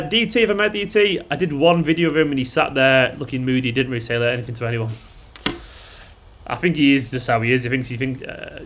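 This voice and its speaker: A man's voice: mid-range voice, fairly bright tone, slight background noise. A man hosting a fan live stream, chatting casually and bluntly, swearing and rambling with lots of fillers. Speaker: fan channel host.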